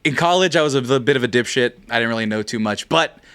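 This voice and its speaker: A man's voice: medium pitch, quick pace, a bit bright, clean tone. A man in his thirties from California hosting a livestream in a joking, rambling way with playful swearing. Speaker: streamer host. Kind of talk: casual livestream chat.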